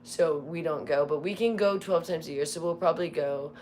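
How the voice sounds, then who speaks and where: A woman's voice: low-pitched, fairly quick, a little mellow, slight background noise. A woman hosting a casual livestream, rambling through stories with lots of "like," her voice cracking now and then. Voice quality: voice cracks when tired. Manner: rambling storyteller, heavy use of "like". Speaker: livestream host.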